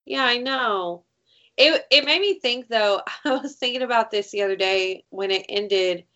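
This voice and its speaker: A woman co-hosting a casual chat, telling stories in an animated way, acting out quotes and swearing freely. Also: a little high, measured pace, dull audio.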